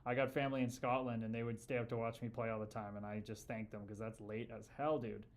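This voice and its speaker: A relaxed man talking loosely to his livestream audience at a middle pitch. He greets viewers like old friends, tossing in dude and brother as he reads their comments aloud. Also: fast talker. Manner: laid-back and chummy, calls viewers brother and dude. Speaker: livestream host and former hockey player.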